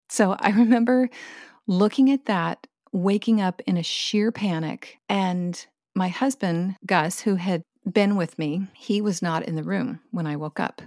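Low-voiced woman, guest storyteller, vivid and expressive, dry close sound. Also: measured pace, dry recording. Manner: vivid, expressive retelling with bursts of laughter. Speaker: guest sharing her experience. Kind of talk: personal storytelling in conversation.

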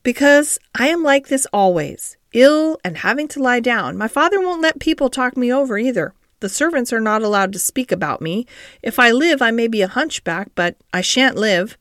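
A woman's voice: fairly high pitch, animated, moderate pace, fairly bright tone, dry recording, clean studio sound. A fretful sickly boy, as a woman reads him.

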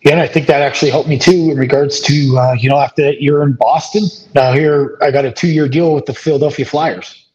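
A middle-aged man, a former hockey player, telling stories as an interview guest, relaxed and rambling with many fillers and restarts. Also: on the high side, fairly quick. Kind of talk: casual storytelling interview. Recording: dull lo-fi audio.

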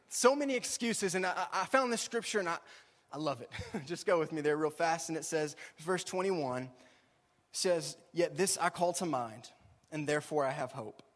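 Lively young man preaching in a hall. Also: high voice. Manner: chatty, animated, says "y'all" and "right?" often. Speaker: youth pastor. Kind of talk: casual sermon. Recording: long hall reverb.

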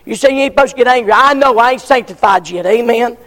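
A man preaching a folksy, emphatic sermon as pastor, his delivery swinging from loud cries to hushed tones. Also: extremely high pitch, fast talker, big-room sound.

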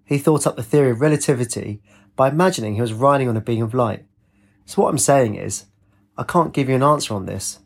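A man with a husky voice playing a jokey, rational young male physicist in a story reading. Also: mid-range voice, fast talker. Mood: reasoning.

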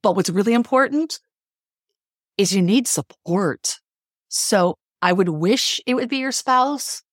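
A woman's voice: medium pitch, expressive, a little slow, no room sound, studio quality. A middle-aged woman psychotherapist speaking as a guest in a podcast interview, earnest and emphatic, repeating phrases to drive her point home.

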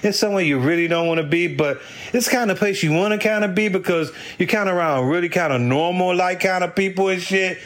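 High-voiced man telling a profane comic story. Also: fairly quick, fairly bright tone. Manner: rambling, heavy swearing, laughing as he talks. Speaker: stand-up storyteller.

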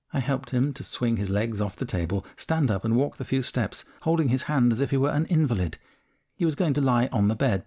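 A man narrating a first-person memoir audiobook in a calm, measured, candid way. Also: medium pitch, husky.

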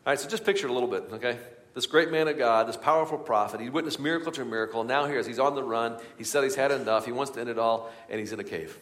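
A man preaching a sermon in a church, swinging from hushed tones to loud, urgent passages. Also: medium pitch, racing. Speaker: pastor. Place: church sanctuary. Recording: long hall reverb.

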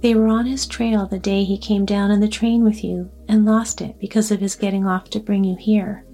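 A grown son explains things calmly and plainly, as a woman reads his lines. The tone is mellow and unhurried. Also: medium pitch, soft background music, close to an everyday voice. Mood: steady. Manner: calm, matter-of-fact.

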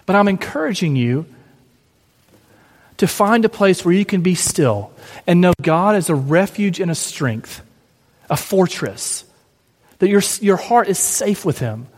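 A man preaching a gentle, encouraging sermon, building repeated lists, then leading a prayer. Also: high voice, expressive, measured pace, big-room sound. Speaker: pastor.

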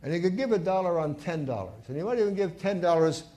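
Lively, higher-voiced male preacher. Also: fast talker. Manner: storytelling preacher, rising emphasis on key points. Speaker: pastor. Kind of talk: sermon. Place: church.

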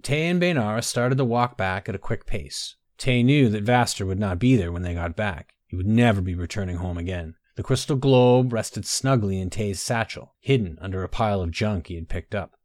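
A man narrating a story in a measured storytelling manner, softly voicing the dialogue. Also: on the low side, dry recording, clean studio sound. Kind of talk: scripted narration.

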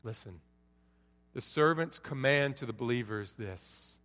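A middle-aged male pastor preaching a sermon, swinging from soft pleading lows to loud forceful peaks. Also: animated, measured pace. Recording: long reverb of a large hall.

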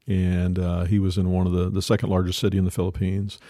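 A man hosting a casual conversation, telling a story with many pauses and fillers. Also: deep voice, completely flat delivery, dark tone, dry recording, clean studio sound.

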